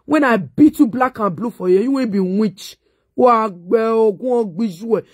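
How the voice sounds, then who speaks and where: A woman's voice: on the high side, normal speed, darkish tone, husky, no echo, studio quality. Nigerian woman ranting and scolding. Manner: scolding, insulting, mocking. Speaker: vlogger. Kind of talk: ranting monologue.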